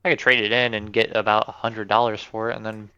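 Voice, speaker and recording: A man's voice: fairly low pitch, level tone, quick pace, sharp tone, clear, resonant tone, highs cut off. A man co-hosting a casual chat, talking in a dry, teasing way. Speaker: co-host.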